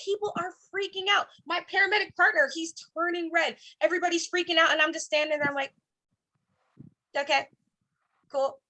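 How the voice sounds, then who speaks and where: Brash, high, bright-voiced woman comic. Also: fast talker, hardly any pauses. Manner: brash, profane storytelling with deadpan asides. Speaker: stand-up comedian. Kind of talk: stand-up set. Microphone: video call.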